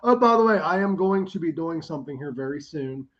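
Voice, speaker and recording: Man, podcast host, high voice, swings up and down a lot, loud laughs, swearing banter. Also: animated, a little fast, muffled recording. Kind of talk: casual chat.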